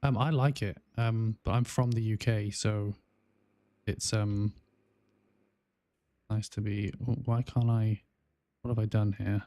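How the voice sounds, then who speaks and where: A man's voice: lowish voice, steady tone, takes it slowly, pauses often, warm tone, dry recording. A man with a South Welsh accent chatting casually on a gaming livestream, rambling with lots of fillers and restarts. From South Wales. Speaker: gaming streamer.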